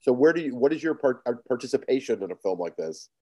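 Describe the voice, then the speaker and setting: A man's voice: mid-range voice, sing-song, fast talker, darkish tone, breathy edge. A man hosting a conversational interview in a jokey manner, laughing easily as he asks questions. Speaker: interviewer, podcast host.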